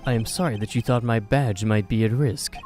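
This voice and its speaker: A man voicing a cool, composed male prosecutor with a dry, measured, deadpan delivery, in an improvised comedic game dub. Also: medium pitch, faint music behind, lightly acted. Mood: smug.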